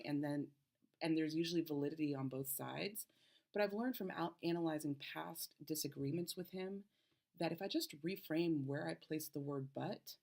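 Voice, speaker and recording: A woman's voice: sits low, darkish tone. A woman health coach in her thirties, explaining advice to camera and checking in with the viewer with a frequent "okay?".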